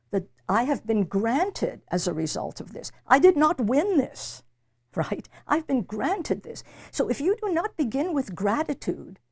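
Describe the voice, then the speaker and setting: In a reflective interview, an older literature professor speaks with a higher, gravelly, slightly mellow voice that has a breathy edge. She's emphatic and thoughtful, frequently repeating words as she hunts for the right phrase.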